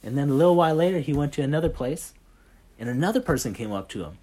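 A man leading a casual Bible study, telling stories in an animated way and filling his talk with "like" and "right?". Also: fairly high pitch, fast talker. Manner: animated storyteller, heavy on fillers like "like" and "right?". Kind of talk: casual faith chat.

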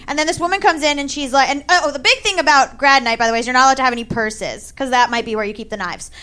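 A young adult woman doing stand-up, telling a comic story with animated asides and acted-out voices. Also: sits high. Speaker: stand-up comedian.

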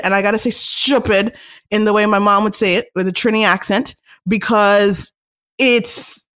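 Chatty young woman hosting a podcast. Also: mid-range voice. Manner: chatty, animated, restarts and laughs. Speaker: podcast host. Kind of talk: casual solo podcast chat.

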